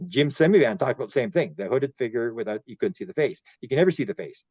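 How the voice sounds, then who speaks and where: A man's voice: mid-range voice, lively intonation, fast talker, darkish tone, no echo, lo-fi sound. Canadian male podcast guest, rambling storyteller, dry close sound. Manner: rambling, repeats words, acts out quoted dialogue. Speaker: podcast guest, UFO researcher. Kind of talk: storytelling interview.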